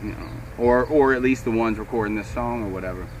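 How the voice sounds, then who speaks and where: A man's voice: medium pitch, fast. A man with a Kentucky accent co-hosting a casual chat, telling a rambling, profane story and acting out what others said. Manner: rambling, animated, profane, quotes others in raised voice. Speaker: show co-host. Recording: distant mic with faint street and traffic noise.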